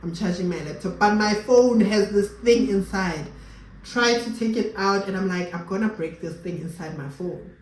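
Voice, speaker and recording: A woman's voice: medium pitch, moderate pace, a little mellow. Chatty South African woman vlogging. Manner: chatty, mixes Sesotho phrases into English. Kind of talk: casual storytelling to viewers. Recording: roomy with faint background noise.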